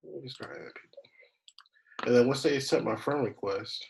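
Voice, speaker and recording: A man's voice: medium pitch, fairly quick, creaky, slight background noise, rough recording. A man working as a travel agent, giving a casual online training, thinking aloud as he clicks through pages. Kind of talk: screen-share training walkthrough.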